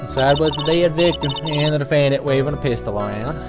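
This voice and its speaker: A player voicing a brash young female photographer in a put-on Southern drawl, loud and folksy, reading game lines. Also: mid-range voice, brisk, music in the background, lightly acted. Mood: chatty. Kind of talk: voicing game dialogue while playing.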